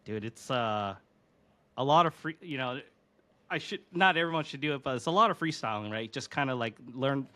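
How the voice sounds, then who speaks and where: A man's voice: medium pitch, expressive, normal speed, pushed and bright. A man in his thirties hosting a podcast, chatting casually and rambling with many fillers. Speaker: podcast host. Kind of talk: casual chat.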